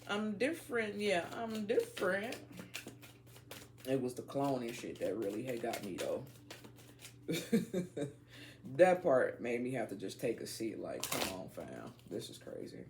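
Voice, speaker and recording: A woman's voice: a bass voice, sing-song, measured pace, noisy background. A woman hosting a casual tarot reading, talking straight to her viewers in a blunt, slangy, profane way. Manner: talks straight to viewers as y'all. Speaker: tarot reader.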